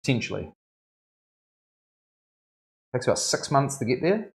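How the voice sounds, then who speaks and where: A man's voice: mid-range voice, very animated, measured pace, gravelly. A male tattoo artist chatting casually during a live stream from his studio, joking around and half-mumbling while he concentrates on the work. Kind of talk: casual chat while working.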